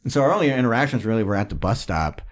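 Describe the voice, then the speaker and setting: A man's voice: lowish voice, lively intonation, very fast. A man, a musician guest, telling a story in casual chat. He laughs often, swears freely and fills his speech with lots of uhs.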